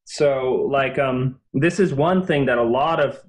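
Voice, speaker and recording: A man's voice: mid-range voice, unhurried. A man, a guest author in a casual podcast interview, explaining his reasoning in an earnest, think-aloud way.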